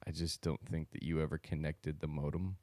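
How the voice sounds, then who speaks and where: A man's voice: extremely low pitch, level tone, a little fast, warm tone, dry recording. A man co-hosting a podcast in casual chat, teasing and sarcastic with his partner. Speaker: podcast co-host.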